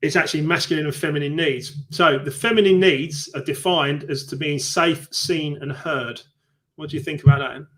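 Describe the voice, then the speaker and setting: Chatty man hosting, voice a touch high. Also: normal speed. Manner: animated storyteller, explains with analogies. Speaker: host of a live book club show. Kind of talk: casual live-stream chat.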